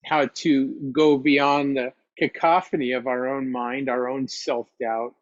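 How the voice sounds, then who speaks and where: A male meditation teacher telling a teaching story in an unhurried, reflective way. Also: mid-range voice, dry recording. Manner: unhurried, reflective, with soft laughs. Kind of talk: storytelling dharma talk. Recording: dry, slightly dull recording.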